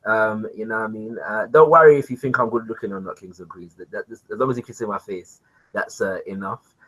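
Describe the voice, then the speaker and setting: A man hosting a live online talk show, greeting his viewers. He talks in an animated, informal way, with many "you know what I mean" fillers. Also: lowish voice, brisk, low-quality recording. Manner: animated, repeatedly addresses viewers as kings and queens. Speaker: livestream show host.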